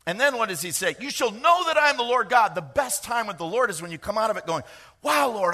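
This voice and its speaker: A middle-aged man preaching a sermon, lively and joking, with quick asides to the congregation. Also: sits high. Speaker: pastor.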